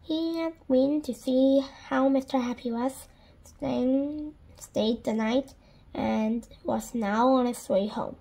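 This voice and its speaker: Slow, high-voiced woman reading a story. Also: gravelly, dark tone, poor audio. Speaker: storybook reader. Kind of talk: children's story read-aloud.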